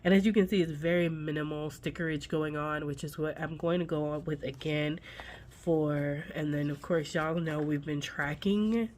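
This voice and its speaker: Nasal, congested low-voiced woman vlogger. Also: fairly even intonation, normal speed, a little mellow, slight background noise. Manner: chatty, folksy, talks straight to viewers. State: congested, under the weather. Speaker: budgeting channel host. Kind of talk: casual budget binder vlog.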